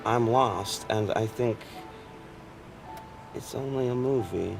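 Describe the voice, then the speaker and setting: A man's voice: medium pitch, takes it slowly, vocal fry, over music. An actor playing a lost young man who speaks politely and apologetically. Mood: shy.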